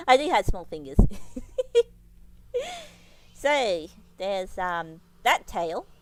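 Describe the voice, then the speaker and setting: A woman's voice: mid-range voice, sing-song, extremely slow, no echo. A woman streamer telling a story to her livestream, giggling often and rambling with many restarts. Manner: giggly, laughs often while telling stories.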